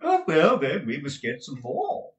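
A man reading aloud and voicing a foppish, extravagant husband who gushes florid endearments in a high, swooping voice. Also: wildly swooping pitch, a little slow, roomy sound, dull audio. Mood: gushing.

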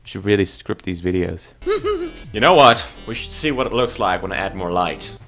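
A man's voice: lowish voice, wildly swooping pitch, moderate pace, a bit bright, soft background music. A man rambling casually at his webcam in a room at home, joking at himself while he fiddles with camera settings. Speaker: YouTuber.

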